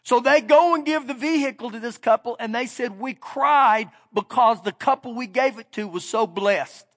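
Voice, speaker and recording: A man's voice: extremely high pitch, moderate pace, a bit bright. A middle-aged man preaching a sermon, telling stories in a folksy way and building to emphatic points. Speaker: pastor. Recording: long reverb of a big hall.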